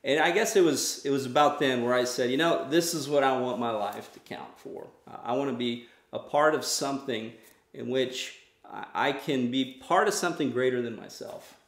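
A man's voice: mid-range voice, moderate pace, gravelly, echoey room. A man sharing his testimony as a missionary on a podcast, earnest and restarting his sentences as he goes. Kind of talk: testimony in a conversation.

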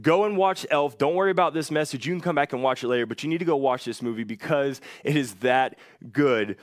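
A man's voice: mid-range voice, a little fast, no room sound, clean studio sound. A man giving a guest sermon in an enthusiastic, conversational way, with playful asides to the congregation. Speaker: guest speaker. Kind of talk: sermon retelling a movie.

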